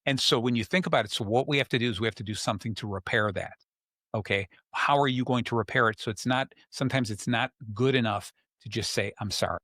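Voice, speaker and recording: A man hosting a podcast, calmly explaining advice and telling a story in a relaxed, conversational way. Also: mid-range voice, quick pace, dry recording, studio quality. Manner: calm, explanatory, tells stories. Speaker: podcast host. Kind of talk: casual coaching talk.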